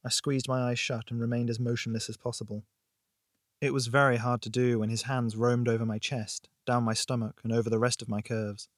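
A man narrating a thriller audiobook in a steady, expressive storytelling voice. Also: mid-range voice, brisk, no room sound, studio quality.

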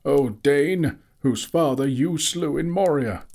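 A man voicing a stern, commanding old male wizard with booming, urgent warnings in an audiobook. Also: slow, creaky, darkish tone, exaggerated voice. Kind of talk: audiobook character voice.

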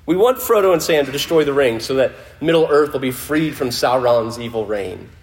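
A man preaching a sermon to a congregation in a conversational way, often restarting phrases and dropping his voice low for emphasis. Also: animated, fairly quick. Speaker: pastor. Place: church in front of a congregation.

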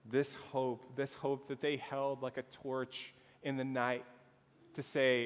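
A man pastor preaching a sermon slowly and earnestly, drawing out his phrases. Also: mid-range voice, flat delivery. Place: church sanctuary. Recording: long reverb of a church hall.

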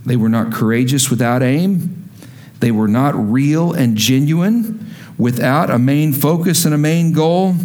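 A man preaching a sermon, reading scripture and speaking to the congregation, climbing in pitch on emphatic lines and dropping low and quiet for serious points. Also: unhurried. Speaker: pastor.

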